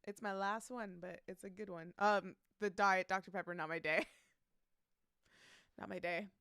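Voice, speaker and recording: A woman's voice: mid-range voice, steady tone, normal speed, fairly bright tone, clean tone, no room sound, clean studio sound. A woman streaming live, chatting casually, reading out chat messages and greeting viewers by name, laughing often.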